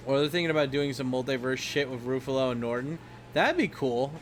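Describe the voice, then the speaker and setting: With lively intonation and a slightly fast pace, a young male streamer rambles casually about movies, full of swearing and laughter, scatting and imitating movie lines. His voice is mid-range, and slight background noise can be heard.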